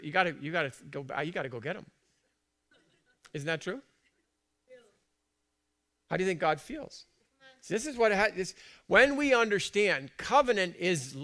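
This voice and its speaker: A man preaching a sermon in a church, chatty and full of questions to the congregation, moving between soft asides and loud emphatic lines. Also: high voice. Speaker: pastor.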